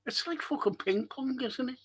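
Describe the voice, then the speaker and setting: A man with a Liverpool accent, streaming live as he watches a football match, reading out viewer comments and swearing at the players in bursts of excitement. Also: extremely high pitch, moderate pace, husky.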